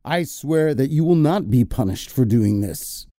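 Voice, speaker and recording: A man voicing a desperate disguised king who speaks low, urgent and pleading, in an audio drama. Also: expressive, measured pace, warm tone, dry recording, clean studio sound, lightly acted.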